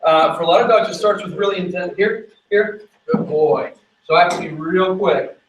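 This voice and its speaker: A man working as a dog trainer, explaining his method while giving quick commands to a dog during an on-location training demonstration. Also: sits high, steady tone, echoey room, distant mic, muffled recording, slight background noise.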